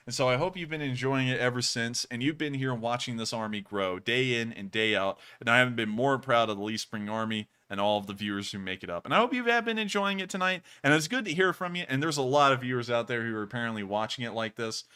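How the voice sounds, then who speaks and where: A man's voice: mid-range voice, bright, forceful tone, clean tone. A young man of about twenty hosting a live stream, earnestly and effusively thanking viewers for donations. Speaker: livestream host.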